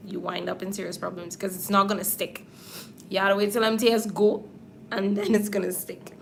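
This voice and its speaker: Applying false lashes on a livestream, a makeup artist chats casually and addresses viewers directly. Her medium-pitched voice is flat and creaky at normal speed, with a little hiss or hum in the audio.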